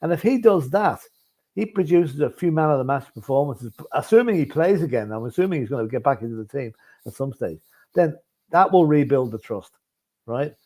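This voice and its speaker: A man's voice: medium pitch, expressive, brisk, darkish tone. A man talking football on a casual fan podcast, opinionated and stopping to add "right?" as he makes his points. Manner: opinionated, keeps adding "right?".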